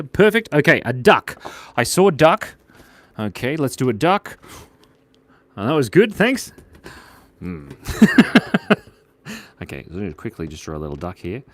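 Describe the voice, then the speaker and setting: A young man hosting a live drawing stream, chatting playfully, giggling, and reading out viewer comments. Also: mid-range voice. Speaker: drawing livestream host. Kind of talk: casual live drawing chat.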